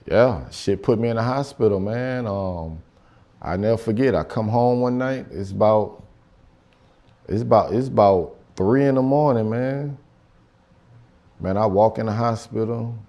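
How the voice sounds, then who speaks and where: A man's voice: lowish voice, unhurried, mellow, highs cut off. A man doing stand-up storytelling in loose, profane, conversational slang. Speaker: stand-up comedian. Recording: live show with audience laughter.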